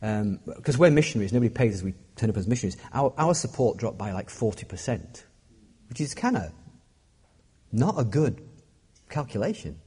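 A man's voice: medium pitch, very animated, brisk, dark tone, breathy edge. A middle-aged man preaching a sermon as a pastor, joking and self-deprecating as he talks. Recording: long hall reverb.

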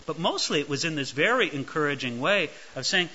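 Male pastor preaching, high and very lively voice, bright tense tone, dull lo-fi sound. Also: fairly quick. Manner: animated, emphatic, acts out quoted voices. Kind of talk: expository sermon. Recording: dull lo-fi recording.

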